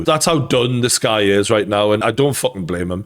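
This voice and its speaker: A man's voice: on the low side, lively intonation, normal speed, fairly bright tone. Blunt, sweary Geordie man. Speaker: reaction channel host. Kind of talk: casual reaction commentary.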